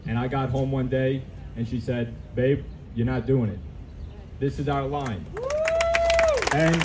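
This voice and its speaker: A man's voice: on the high side, animated, moderate pace, pauses often, a little mellow, a little hiss or hum. A man speaking to a crowd at an outdoor rally, emotional and earnest, restarting his sentences.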